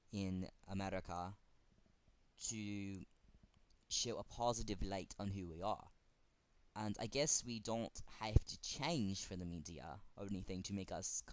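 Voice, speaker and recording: Earnest German-accented man, lowish voice. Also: no room sound. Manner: earnest, halting, with frequent pauses. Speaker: fan vlogger. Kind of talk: earnest direct-to-camera tribute.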